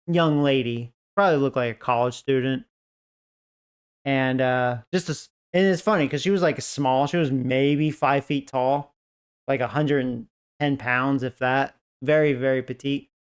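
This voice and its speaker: A man's voice: mid-range voice, a little slow, smooth. A man streaming a game who chats casually, rambling and profane, with lots of "like" fillers and bursts of laughter. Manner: breaks into laughter. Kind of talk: casual storytelling chat.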